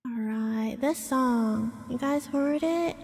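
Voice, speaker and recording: A woman's voice: high-pitched, slow pace, vocal fry, darkish tone, breathy edge, faint music behind. A woman from Hong Kong chatting casually with her live-stream chat, laughing often and reacting to viewers. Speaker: VTuber streamer.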